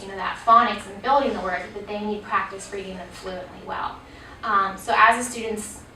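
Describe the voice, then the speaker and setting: A woman's voice: mid-range voice, sharp tone, distant mic, a little hiss or hum. A woman presenting a teacher training workshop on reading, explaining patiently with frequent ums. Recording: echoey room, voice off-mic.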